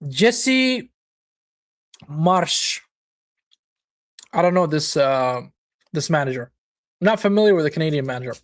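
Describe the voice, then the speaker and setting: A man's voice: fairly high pitch, expressive, a little slow, pauses often. A man hosting a live football watchalong, chatting casually, reacting to the match and viewers' comments, with occasional swearing. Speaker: watchalong host.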